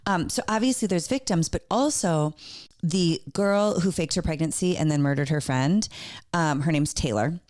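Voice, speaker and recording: Chatty woman podcast co-host, slightly low. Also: normal speed. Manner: chatty, candid, animated storytelling. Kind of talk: casual chat.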